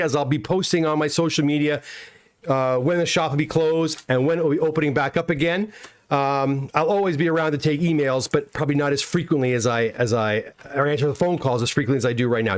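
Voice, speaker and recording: A middle-aged Canadian man hosting a casual live stream from his home workshop. He reads viewer comments aloud and answers each one with a chatty, self-deprecating manner. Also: fairly high pitch. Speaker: comic book pressing business owner streaming a live unboxing.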